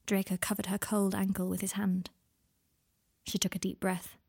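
A woman reads her own story aloud in a hushed, unhurried way. Her voice has a gravelly, breathy texture at a middle pitch. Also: monotone. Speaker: author and reader. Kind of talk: audiobook narration of her own fiction.

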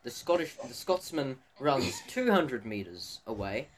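A man's voice: medium pitch, big pitch swings, unhurried. Teen male podcast co-host, rambling storyteller, faint background hiss. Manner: rambling storyteller with many fillers and restarts. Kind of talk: casual podcast chat among students.

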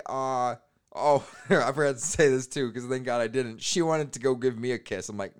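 A man's voice: medium pitch, measured pace, clear, resonant tone. A man in his twenties on a podcast, telling a crude story in a casual way, laughing and acting out the other people in it.

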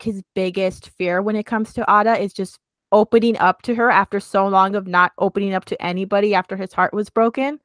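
A woman's voice: medium pitch, a bit bright, dry recording. A woman co-hosting a casual chat, recapping a drama with gushing emotion and constant "like" fillers. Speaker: co-host.

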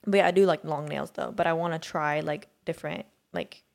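Here a female podcast co-host speaks in a low, steady voice with vocal fry, moving at a brisk clip. Her talk is casual and meandering, packed with fillers and restarts.

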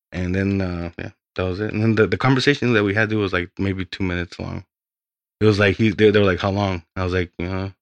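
A man's voice: sits low, gravelly, no room sound. A young man, a podcast guest, telling his story in a rambling, casual way with lots of swearing.

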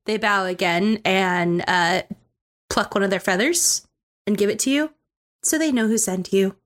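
A woman narrating a tabletop game as game master in a relaxed, chatty way. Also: mid-range voice, a little slow.

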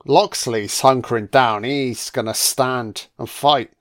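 Guy doing movie commentary, swears a lot, mid pitch, crude and jokey. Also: fairly even intonation, slow pace, fairly bright tone. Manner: crude, swears freely, voices characters mockingly. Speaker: film commentator. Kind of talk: casual film commentary.

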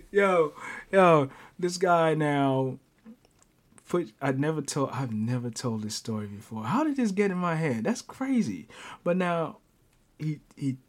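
A man hosting a podcast, telling a personal story in casual chat, animated, often stammering and breaking into laughter. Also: on the high side, slow. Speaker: podcast host.

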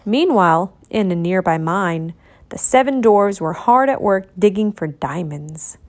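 A woman narrating a children's storybook in a clear, steady way. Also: medium pitch, measured pace.

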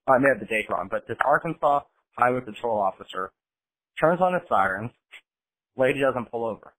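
This man keeps a middle-pitched, ordinary voice, and his talk is animated and blunt, with casual swearing. He speaks like a podcast host talking across the table to a co-host. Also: poor audio.

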